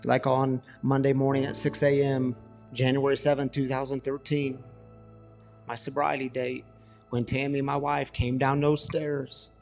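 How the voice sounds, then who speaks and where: Gravelly pastor preaching. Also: male voice, medium pitch, long reverb tail. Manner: passionate, rising to emphatic repeated questions and dropping to soft confessional tones. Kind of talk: sermon.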